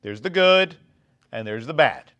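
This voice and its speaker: A man in his forties preaching a lively youth sermon, acting out the people in his stories in different voices. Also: medium pitch, a little slow, lo-fi sound. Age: 40s. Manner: animated, acts out quotes in different voices. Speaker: youth pastor.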